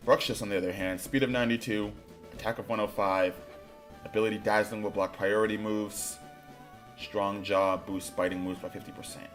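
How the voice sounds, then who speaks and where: A man streaming a game, thinking out loud in a loose, rambling way and now and then bursting into loud excitement. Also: on the low side, normal speed, soft background music. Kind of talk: casual game commentary.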